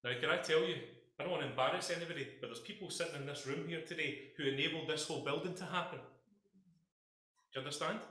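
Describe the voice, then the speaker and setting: Impassioned Scottish preacher, echoey hall. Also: male voice, a little high, quick pace, sharp tone. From Scotland. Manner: impassioned, emphatic, addresses congregation directly. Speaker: pastor. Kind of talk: sermon. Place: church hall.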